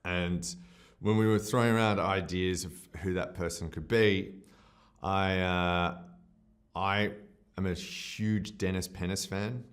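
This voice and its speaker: A man's voice: deep voice, fairly even intonation, slow pace. An Australian man, a film director, talking in a festival interview, effusive and rambling with many fillers and restarts, openly emotional and self-deprecating.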